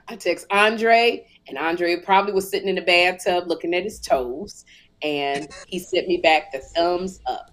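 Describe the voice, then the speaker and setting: A woman's voice: medium pitch, brisk, a bit bright. A middle-aged woman hosting a podcast, chatting casually and acting out dialogue as she tells a funny story. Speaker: podcast host. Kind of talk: casual comedic chat.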